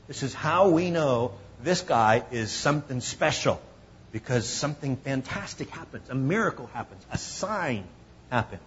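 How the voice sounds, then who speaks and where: Animated male preacher, slightly lo-fi. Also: mid-range voice, normal speed, slight background noise. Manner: conversational, animated, acts out quoted voices. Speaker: pastor. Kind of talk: sermon.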